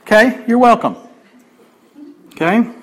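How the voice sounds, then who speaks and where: A man's voice: very high voice, lively intonation, a little slow. A man preaching a sermon as pastor, conversational and joking with the congregation.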